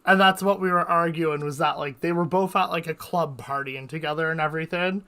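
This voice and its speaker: A man's voice: a little high, steady tone, fairly quick, sharp tone, smooth, no echo. A man hosting a casual livestream chat, rambling with lots of filler words and swearing. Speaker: streamer host.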